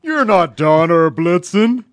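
A man doing a loud, drawn-out impression of a scolding old Santa Claus. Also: high voice, animated, no echo.

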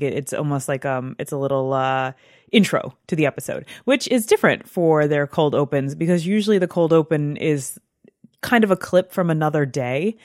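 A woman with a notably low voice co-hosts a chat podcast with lively enthusiasm and frequent laughter. The sound is dry and close, with no room echo. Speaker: podcast co-host. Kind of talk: casual chat.

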